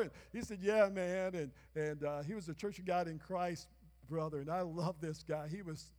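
High-voiced older pastor in a reverberant church. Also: male voice, unhurried. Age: 60s. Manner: call-and-response, bursts of shouting. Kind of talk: sermon. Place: church sanctuary. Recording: long reverb of a church hall.

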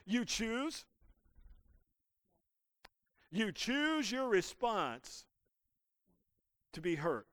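Male pastor mid-sermon, high and smooth voice, dry close sound. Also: sing-song, drawn-out words, long pauses, pushed and bright, dry recording. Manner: preaching with call-and-response to the congregation. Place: church.

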